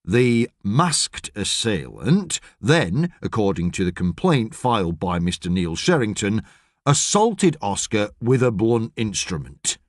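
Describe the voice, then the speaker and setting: An actor reading an audiobook, playing a stolid middle-aged male police constable who speaks in a slow, measured, officious way. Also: lowish voice, very animated, dry recording, studio quality, pitched below the performer's own voice, heavily acted. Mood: formal, measured.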